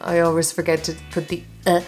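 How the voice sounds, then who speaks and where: A woman's voice: on the low side, monotone, brisk, darkish tone, faint music behind. A young Finnish woman with a Finnish accent, teaching phrases in a chatty, joking vlog. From Finland. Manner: chatty, joking, self-mocking. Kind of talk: casual vlog lesson.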